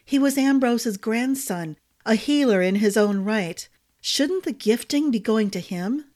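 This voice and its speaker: A woman's voice: fairly high pitch, lively intonation, a little slow, darkish tone. A woman hosting a storytelling podcast and narrating a fantasy novel chapter.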